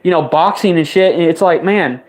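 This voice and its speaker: A man in his twenties delivering an angry, profane rant, his voice jumping higher whenever he gets riled up. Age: 20s. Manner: heated, rapid-fire swearing, voice spiking up when riled.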